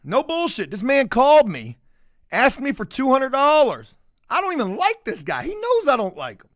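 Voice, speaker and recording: High-pitched profane man ranting. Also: moderate pace, dry recording, studio quality. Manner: profane, mocking, animated. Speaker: vlogger. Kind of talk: storytelling rant.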